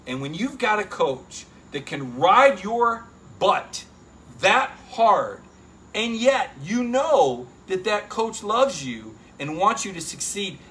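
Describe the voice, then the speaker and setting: Animated, high-voiced male sports talker. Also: a little hiss or hum. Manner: animated, emphatic, with frequent "right?" asides to listeners. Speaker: sports reporter and show host. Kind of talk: casual sports talk commentary.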